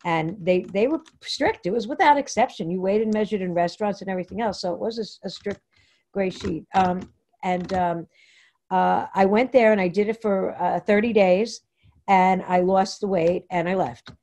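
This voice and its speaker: A woman from Long Island telling her own recovery story at an online meeting, halting and rambling with many fillers and restarts. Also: medium pitch, darkish tone. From New York, Long Island. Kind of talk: personal share at a Zoom meeting. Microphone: computer mic on a video call.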